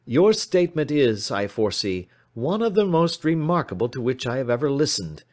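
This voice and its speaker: A man voicing a composed male detective who asks crisp, precise questions. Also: medium pitch, very animated, normal speed, darkish tone, voice pushed up, close to an everyday voice.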